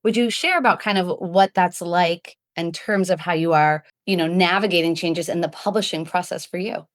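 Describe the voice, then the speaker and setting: A woman's voice: lowish voice, normal speed. A woman hosting a podcast interview, asking questions and reflecting on her guest's answers. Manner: reflective and inquiring. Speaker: podcast host.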